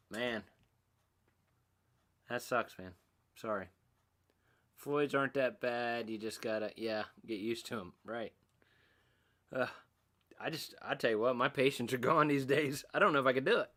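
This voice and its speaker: A man's voice: mid-range voice, moderate pace, pauses often, a bit bright. A middle-aged man hosting a casual livestream, rambling and self-mocking as he reads out and answers chat comments. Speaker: livestream host.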